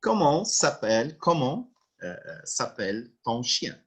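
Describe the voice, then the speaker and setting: A man's voice: a little high, very animated, moderate pace, slightly rough. A male French teacher giving an online language lesson over a video call, patiently repeating phrases.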